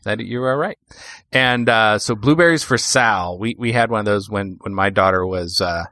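A man's voice: fairly low pitch, moderate pace, bright, forceful tone, no room sound. A man co-hosting a casual chat, responding in an easygoing way with chuckles.

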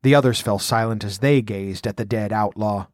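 A man reading a storybook aloud as narrator, measured and dramatic. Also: fairly low pitch, no echo, studio quality. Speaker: audiobook narrator. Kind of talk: scripted narration.

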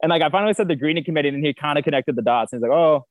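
A man's voice: a little high, very fast, dry recording. Young male guitarist, easygoing storyteller, dry close sound over a video call. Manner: laid-back, laughing anecdotes. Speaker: band guitarist. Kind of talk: casual interview chat.

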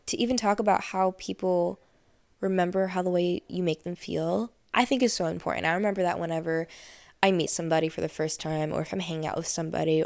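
Gravelly young woman chatting casually. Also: fairly low pitch, no echo. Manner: chatty, animated retellings with filler likes. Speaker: host. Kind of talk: casual advice monologue.

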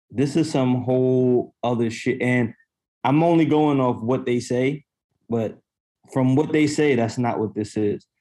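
A man on a podcast argues bluntly, questioning the others' claims with a skeptical edge. His voice has a mellow, darker tone, and his pitch sits in an ordinary middle range. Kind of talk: casual debate.

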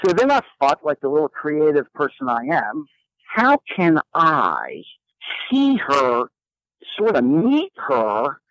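A man telling a personal story as a guest, in a lively, animated way. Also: fairly high pitch, slow pace, no room sound, muffled recording. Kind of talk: storytelling in a conversation.

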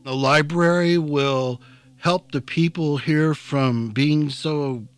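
A man's voice: on the high side, fairly even intonation, takes it slowly, clear, resonant tone, dry recording. A man voicing an earnest, determined man who argues his case steadily and persuasively in a novel reading. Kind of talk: scripted narration.

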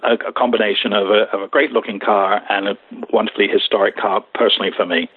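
A man's voice: on the low side, steady tone, fast talker, slightly rough. A man from England, a podcast guest, telling stories in a rambling way with many hesitations, heard over a phone line. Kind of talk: interview podcast storytelling. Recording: tinny dry phone line.

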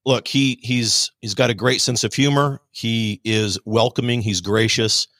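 A man's voice: medium pitch, steady tone, measured pace, a bit bright, no echo. A man talks as a guest on a political talk show, emphatic and rambling, often restarting his sentences. His voice sits in the middle range. The sound is dry and close. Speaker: guest author.

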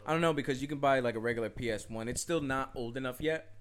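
A man co-hosting a podcast in a casual, slangy chat, easygoing and quick to joke. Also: medium pitch, smooth. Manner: laid-back, slangy, joking. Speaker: podcast co-host.

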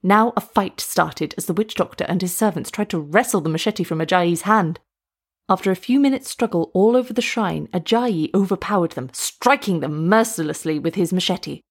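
A woman narrating a story aloud in a steady, measured way. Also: fairly low pitch, slightly rough.

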